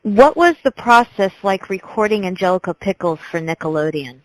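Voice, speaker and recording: A woman's voice: mid-range voice, lively intonation, moderate pace, no room sound, poor audio. A woman hosting an interview, asking questions eagerly and laughing between them. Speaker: interview host.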